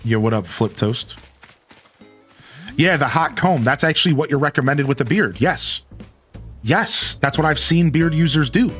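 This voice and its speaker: A young adult man chatting casually on a live stream into a studio microphone, laid-back and animated, his voice peaking and dropping, with lots of "like" and "dude". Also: on the high side, normal speed, pauses often, faint music behind. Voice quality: dynamic voice that peaks and drops. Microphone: studio mic with equalizer and cutoff.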